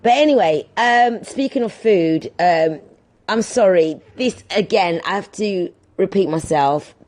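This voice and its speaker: A thirtysomething woman hosts a podcast, speaking at medium pitch and an unhurried pace. She tells casual stories in a monologue, animated and acting out the voices of the people in her anecdotes.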